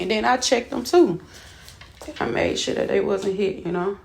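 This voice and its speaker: Her medium-pitched voice carries vocal fry and a darkish tone as she speaks at normal speed. Freshly awake and rattled, this vlogger rants to the camera, profane, agitated and repetitive.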